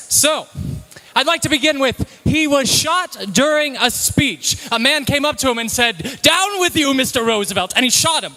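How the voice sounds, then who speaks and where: Man, very high voice, comedic live talk, playful punchy delivery. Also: sharp tone. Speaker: presenter at a live talk night. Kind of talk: comedic slide presentation to a live audience.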